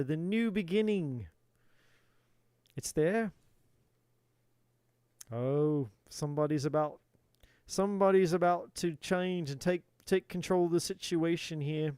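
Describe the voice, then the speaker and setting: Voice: medium pitch, a little mellow, smooth, no room sound, studio quality. A tarot reader giving a live reading in a playful put-on British accent, swearing and exasperated in a theatrical way.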